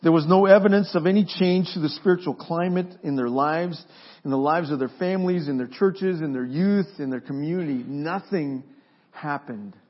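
A man preaching a sermon as pastor, pausing for effect and building to forceful emphasis. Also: on the high side. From Mexico. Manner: preaching with dramatic pauses and rising emphasis. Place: church sanctuary. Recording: dull lo-fi sermon recording.

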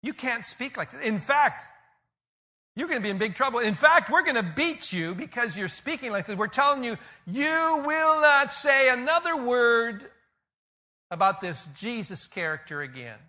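A man acting out a council of stern elders who loudly threaten a preacher. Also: very high voice, big pitch swings, normal speed, pitched above the performer's own voice, heavily acted. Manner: loud, threatening.

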